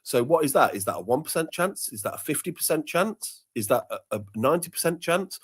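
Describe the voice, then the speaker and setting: A man's voice: on the high side, lively intonation, fairly quick, a bit bright, slightly rough. A man, ranting animatedly in a casual livestream chat, swearing often and repeating himself. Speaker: guest commentator. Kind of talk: heated casual rant on a livestream.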